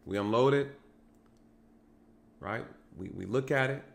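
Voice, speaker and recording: A man's voice: medium pitch, unhurried, vocal fry. A man recounting police work in casual storytelling straight to viewers, repeating phrases for emphasis.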